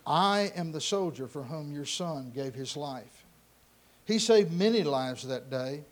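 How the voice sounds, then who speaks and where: A man voicing a humble young soldier who speaks in a soft, earnest way. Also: a little high, lively intonation, unhurried, voice pushed down.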